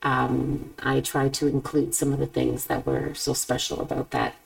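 A middle-aged woman hosting a podcast in casual chat, animated and laughing often. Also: very deep voice, normal speed, creaky, recorded from a distance, low-quality recording. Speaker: podcast host and author.

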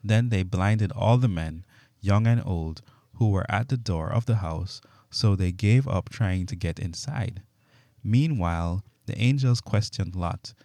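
A man reading scripture aloud in a steady, measured way. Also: low voice, no echo. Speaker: Bible reader.

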